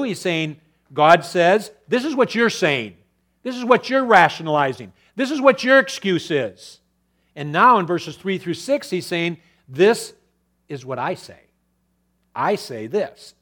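A fairly high-voiced man preaching a verse-by-verse sermon. He starts lines haltingly with fillers and restarts, then builds to loud, emphatic declarations before dropping off to soft asides. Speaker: pastor. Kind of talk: expository sermon.

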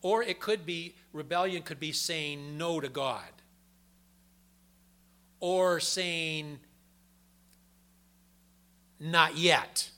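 An older man preaching a sermon in a folksy, conversational way, telling personal stories, with a gravelly voice. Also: a little high, extremely slow, long pauses, sharp tone.

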